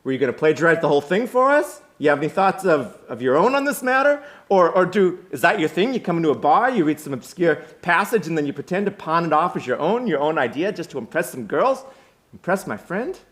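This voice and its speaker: A man voicing a sharp, cocky young working-class genius with a Brooklyn accent, firing off cutting put-downs. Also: a little high, animated, fast, hardly any pauses, voice pushed up, natural voice.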